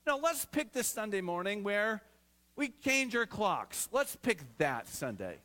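A man's voice: sits high, sing-song, a little slow, sharp tone. A man preaching a conversational sermon as pastor, often checking in with the congregation before building to earnest exhortation.

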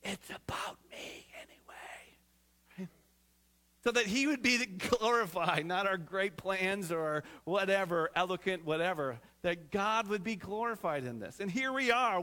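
A man's voice: high voice, animated, normal speed, hardly any pauses, pushed and bright. A man preaching a conversational sermon as pastor, often checking in with the congregation before building to earnest exhortation.

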